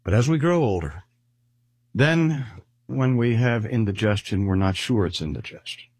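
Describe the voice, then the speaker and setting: An older man delivers a sermon in a husky, slightly breathy voice, measured and deliberate, leaning on slow pauses. His pitch rises and falls with lively expression. The sound is close and dry, with no room echo. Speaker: preacher. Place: speaking at a cancer hospital.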